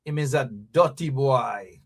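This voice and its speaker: A man's voice: medium pitch, unhurried, creaky, music in the background. A man with a Guyanese accent hosting a radio show, giving a mocking political commentary full of repeated taunts.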